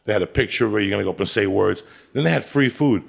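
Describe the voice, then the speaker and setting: A man with a deeply gravelly, fry-laden voice tells a profane story. His delivery is animated and punchy, packed with swearing. His pitch sits a bit low. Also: quick pace. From Cuba. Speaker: stand-up comedian telling a story.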